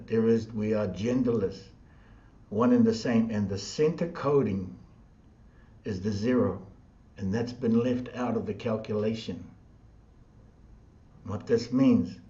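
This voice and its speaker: Slow repetitive New man, echoey. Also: on the low side, warm tone. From New Zealand. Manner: slow, repetitive, chant-like phrasing. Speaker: spiritual teacher. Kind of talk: spiritual talk. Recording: dull sound in an echoey room.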